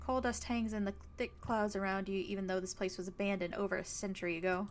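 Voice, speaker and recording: A woman streamer reading a visual novel aloud in an even, story-telling way. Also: medium pitch, fast talker, hardly any pauses, slight background noise.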